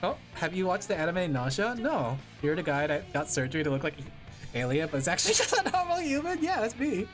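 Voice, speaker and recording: A woman's voice: lowish voice, big pitch swings, fairly quick, soft background music. Giggly rambling streamer woman. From California. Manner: rambling, giggly, laughs often. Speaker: VTuber streamer. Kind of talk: casual livestream chat while drawing.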